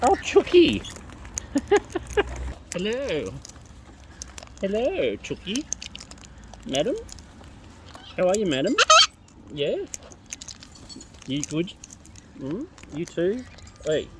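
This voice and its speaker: Slow, sing-song woman cooing at birds. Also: lowish voice, big pitch swings, darkish tone, a little hiss or hum. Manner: cooing, playful baby talk to birds. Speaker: bird feeder filming wild birds. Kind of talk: casual talk to birds. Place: outdoors among wild birds.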